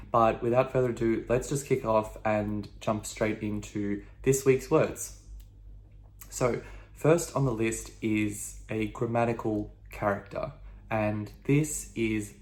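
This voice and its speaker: A man teaching a video lesson, patient, saying "okay?" again and again and loudly stressing tones. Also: lowish voice. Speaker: language teacher.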